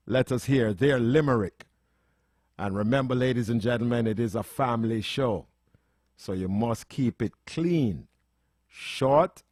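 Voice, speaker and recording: A man's voice: medium pitch, no echo, clean studio sound. Man hosting a radio show. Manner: laughing, playful banter. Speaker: radio host. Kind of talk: casual radio chat.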